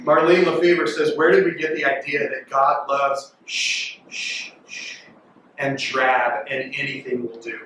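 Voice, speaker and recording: A man preaching a lively, joking sermon to teenagers, with sudden loud outbursts when he acts out reactions. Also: mid-range voice, normal speed, hardly any pauses, a little hiss or hum. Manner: animated and jokey, bursts into loud mimicking. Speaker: youth pastor. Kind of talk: youth sermon. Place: large echoey worship hall. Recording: distant mic in reverberant hall.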